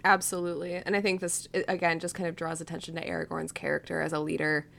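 A woman's voice: on the low side, little pitch movement, fast talker, creaky, fairly bright tone. A woman co-hosting a casual book podcast, mostly giving short agreeing replies. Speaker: podcast co-host.

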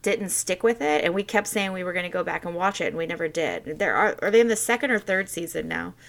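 A woman's voice: lowish voice, quick pace, creaky, fairly bright tone. A woman co-hosting a podcast in casual chat, talking loosely with many "like"s. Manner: loose, rambling talk full of "like". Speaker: podcast co-host.

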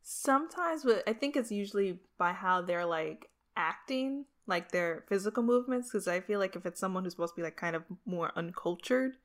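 A woman hosting a casual chat, relaxed, with frequent short affirmations and laughs. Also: mid-range voice, normal speed, few pauses. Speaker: podcast host.

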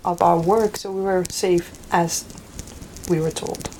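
A woman's voice: on the low side, fairly even intonation, measured pace, a little mellow, a little hiss or hum, rough recording. A woman from Europe, a guest telling stories in casual chat, laughing often and rambling with fillers. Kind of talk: casual storytelling.

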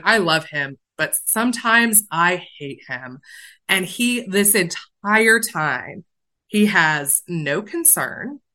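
A woman on a podcast telling a personal story in casual chat, animated and self-mocking, swinging quickly between worry and laughter. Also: lowish voice, low-quality recording. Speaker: podcast co-host.

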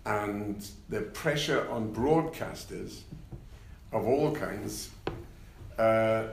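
An older man, a former party leader, telling anecdotes in an unhurried interview, with many fillers and wry laughs. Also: medium pitch, vocal fry, echoey room, a little hiss or hum. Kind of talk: reflective interview conversation.

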